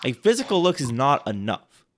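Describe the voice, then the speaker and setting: A man co-hosting a casual chat, rambling and restarting his sentences, quick to laugh. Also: medium pitch, very animated, fairly bright tone. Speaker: co-host reviewing sales outreach.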